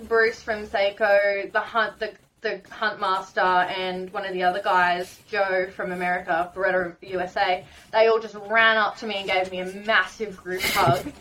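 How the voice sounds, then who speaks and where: Australian woman telling a lively story. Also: medium pitch, rough recording. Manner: animated, emotional storyteller, laughs often. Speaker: guest. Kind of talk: casual storytelling.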